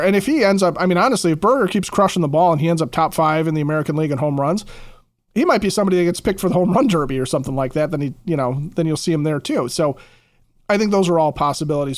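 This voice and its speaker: A man's voice: a little high, dry recording, clean studio sound. A man co-hosting a sports podcast, rambling casually through his opinions. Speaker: podcast co-host.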